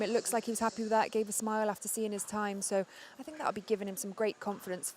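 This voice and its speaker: A woman giving quick, analytical swimming commentary. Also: mid-range voice, a little mellow.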